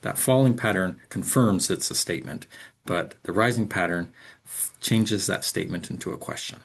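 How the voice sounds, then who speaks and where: A man's voice: sits low, normal speed, creaky. A man giving a recorded lecture as an instructor, explaining with frequent ums and reading example sentences aloud.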